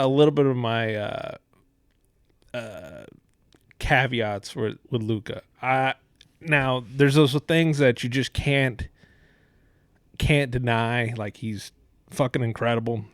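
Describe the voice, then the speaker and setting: A man's voice: medium pitch, no room sound, studio quality. Rambling, swearing man on a podcast. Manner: rambling, profane, laughs often. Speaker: podcast host. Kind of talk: casual chat.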